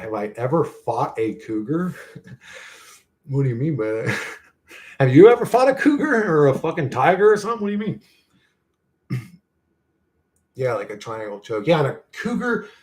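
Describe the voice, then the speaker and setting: A man hosting his own channel, telling a rambling story in casual chat, swearing heavily and getting worked up in bursts. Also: fairly high pitch. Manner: excitable, rising and falling in bursts. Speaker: channel host.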